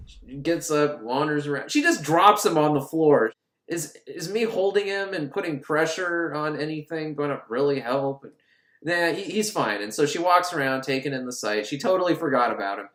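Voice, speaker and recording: A man's voice: a little high, moderate pace, fairly bright tone, echoey room. A man retelling a film in a casual, comedic way, joking and swearing and laughing often. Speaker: film podcast host.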